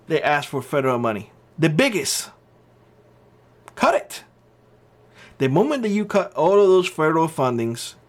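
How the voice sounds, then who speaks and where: A man hosting his own channel, giving blunt opinion commentary and hammering his points by repeating short phrases. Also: on the high side. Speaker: channel host.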